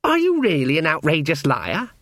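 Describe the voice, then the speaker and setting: A man voicing an earnest, fussy young male wizard who speaks high and eagerly in an audiobook. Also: huge pitch swings, moderate pace, a bit bright, no room sound, clean studio sound.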